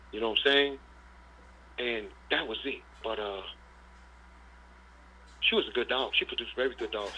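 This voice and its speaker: A man's voice: medium pitch, sharp tone, slight background noise. A middle-aged man, a dog breeder guest, telling long rambling stories in an interview, swearing freely and often saying "you know what I'm saying". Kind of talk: casual storytelling interview. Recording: dull lo-fi sound.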